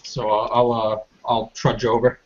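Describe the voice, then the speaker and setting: A man's voice: mid-range voice, little pitch movement, measured pace, darkish tone. Hesitant male player on muffled call. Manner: hesitant, stop-start with fillers. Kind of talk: casual tabletop game play. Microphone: video call. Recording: dull lo-fi call audio.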